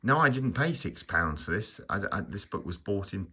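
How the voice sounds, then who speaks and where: A man's voice: lowish voice, big pitch swings, moderate pace, sharp tone, husky. A man hosting his own channel, chatting casually about a book in a rambling, stammering, self-mocking way with frequent asides. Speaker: channel host.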